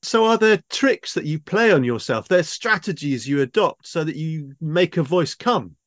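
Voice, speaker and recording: A man hosting a podcast interview, who asks probing questions with a light, teasing touch. His voice is a little higher than usual for a man. The audio is dull and lo-fi. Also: animated, moderate pace.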